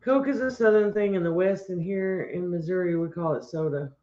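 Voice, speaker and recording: A man's voice: high voice, fairly quick, mellow. A man chatting casually as a co-host, joking and laughing easily. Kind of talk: casual chat. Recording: roomy, slightly dull recording.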